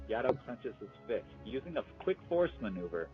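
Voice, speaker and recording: A man narrating a playful story over gameplay, animated and amused, with chatty asides. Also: mid-range voice, moderate pace, hardly any pauses. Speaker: gaming storyteller. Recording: dull, muffled recording with faint music.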